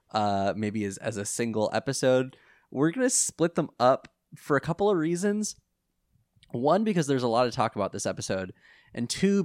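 A man's voice: mid-range voice, no echo, studio quality. A young man co-hosting a casual podcast, chatty and laughing often. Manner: chatty, laughs often, fake British voice in the intro. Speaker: podcast co-host.

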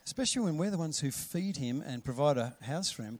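A middle-aged preacher delivers his sermon with lively energy. His voice sits slightly high for a man, and he acts out voices, jumping into loud, calling cries before settling back to talk. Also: brisk, few pauses. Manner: animated, acts out voices with big loud calls. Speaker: pastor.

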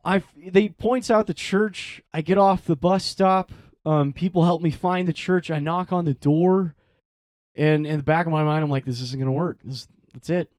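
A man's voice: sits high, normal speed, no echo, studio quality. A young man, a priest, telling a personal story in a casual interview, acting out the voices he quotes. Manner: animated, acts out quoted voices, frequent "like" fillers.

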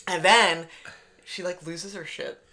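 A woman's voice: lowish voice, steady tone, takes it slowly, pushed and bright. A young woman chatting casually, telling a long story with lots of swearing and acting out what others said. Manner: rambling storyteller who swears and acts out others' lines. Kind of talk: casual chat.

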